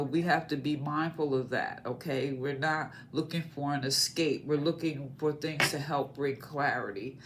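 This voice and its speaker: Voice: medium pitch, slight background noise. A tarot reader giving a casual spoken reading, musing in short loose phrases and often checking in with listeners by asking "okay?". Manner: talks in short loose phrases with many fillers.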